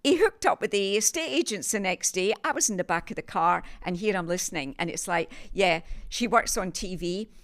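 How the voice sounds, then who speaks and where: An older woman with a Scottish accent from Glasgow, a TV sales presenter telling stories as a podcast guest in an animated, emphatic way. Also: mid-range voice, brisk, hardly any pauses. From Scotland, Glasgow. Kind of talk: conversational storytelling.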